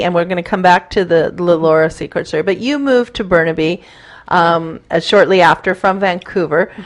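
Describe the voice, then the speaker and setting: A woman with a Southern US accent hosting an interview and asking leading questions. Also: lowish voice. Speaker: host. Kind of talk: talk show interview.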